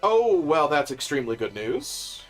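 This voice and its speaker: A man's voice: fairly high pitch, big pitch swings, a little slow, soft background music. Coaching Midwestern man. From American Midwest. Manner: coaching, explanatory. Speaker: co-host guiding the game. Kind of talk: casual gaming chat.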